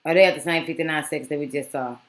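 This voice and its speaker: A woman's voice: low-pitched, fairly even intonation, very fast, reverberant. A woman vlogger giving casual, exasperated commentary that rambles with many restarts.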